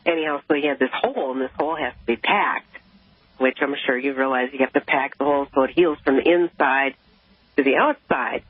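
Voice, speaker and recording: A woman's voice: extremely low pitch, fairly quick, slightly rough, no echo. Chatty woman calling in to radio. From Milwaukee, Wisconsin. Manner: chatty, rambling storyteller. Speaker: caller. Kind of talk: call-in radio talk. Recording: dull radio broadcast sound.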